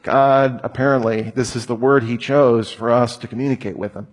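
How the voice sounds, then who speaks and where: A man's voice: medium pitch, fairly even intonation, normal speed. A man in his thirties preaching a conversational sermon, telling stories with humor. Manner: casual, storytelling with humor.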